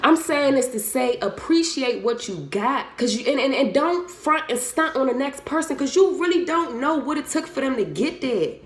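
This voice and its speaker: A young woman vlogger with a high-pitched, animated voice speaks at a moderate pace with hardly any pauses, giving a candid motivational talk to camera. She is blunt, swears freely, and speaks from the heart, and the recording has a roomy echo.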